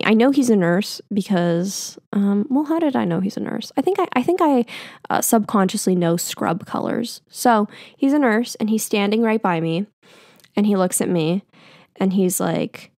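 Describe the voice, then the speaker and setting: A young woman hosts a podcast and chats her way through a story, pitching her voice up whenever she plays the other people in it. Her voice sits at a medium height. The room is dead, with the mic close to her mouth. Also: a little mellow, no room sound. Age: 20s. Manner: chatty, rambling, quotes people in a raised voice. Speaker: podcast host. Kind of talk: casual storytelling.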